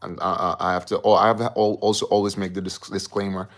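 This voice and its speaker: Low gravelly guy rambling on his livestream, chatting with viewers. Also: flat delivery, a little fast. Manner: rambling, chatty, reads viewer comments aloud. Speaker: livestream host. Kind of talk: casual livestream chat.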